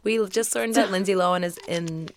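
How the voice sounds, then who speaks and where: A woman's voice: mid-range voice, normal speed, slight background noise. A woman hosting a podcast, chatting playfully with jokes and teasing. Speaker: podcast host. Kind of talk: casual chat.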